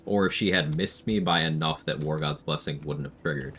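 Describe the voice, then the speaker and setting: A man's voice: extremely low pitch, a little fast, a bit bright, a little hiss or hum. A man streaming a challenge run, explaining his tactics in a casual, matter-of-fact way as he plays. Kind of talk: casual live-stream gameplay commentary.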